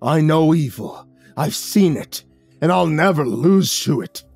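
A man's voice: fairly high pitch, expressive, unhurried, gravelly, a little mellow, breathy edge, soft background music, heavily acted. A man voicing a brutal, monstrous male fighter who bellows and taunts in a horror story. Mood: taunting.

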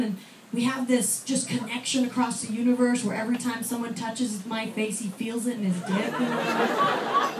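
A young woman performing a chatty, self-deprecating stand-up set on a comedy club stage, with lots of fillers and quick asides to the audience. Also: a little high. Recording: roomy club audio from far off, with loud crowd laughter.

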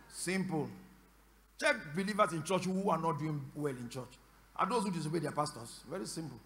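Man, pastor, sermon, high voice, bright and forceful, call-and-response questions, shouted prayer, echoey church hall. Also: normal speed. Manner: call-and-response preaching, repeated questions to the congregation. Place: church service.

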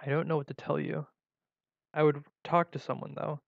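A man's voice: fairly high pitch, level tone, normal speed, vocal fry, dry recording. A man voicing a worried, caring teenage girl who pleads with her friend. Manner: concerned, pleading. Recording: dull lo-fi recording.

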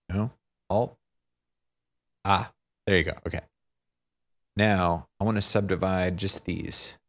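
Man, low voice, unhurried, unscripted tutorial, muttering his way through problems and mocking himself. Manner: thinks aloud, fumbling and self-mocking. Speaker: tutorial maker. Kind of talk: unscripted screen-recorded tutorial.

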